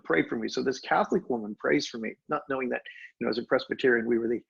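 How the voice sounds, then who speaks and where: An older man telling stories as a podcast guest, animated with expressive jumps in pitch. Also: fast, gravelly, breathy edge, lo-fi sound. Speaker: guest, hypnosis trainer. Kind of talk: storytelling in conversation.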